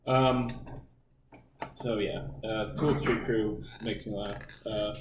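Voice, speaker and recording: A man's voice: on the low side, fairly even intonation, slow pace. A young man co-hosting a casual podcast, telling a rambling, profane story full of fillers. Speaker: podcast co-host. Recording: roomy room, distant mic, faint noise.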